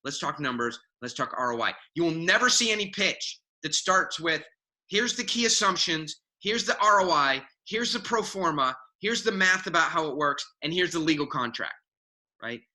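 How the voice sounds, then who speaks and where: Animated bright-voiced man on a call. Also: a little high, normal speed, low-quality recording. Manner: animated, self-mocking, acts out quoted voices. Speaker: mentor guest. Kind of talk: casual video call chat.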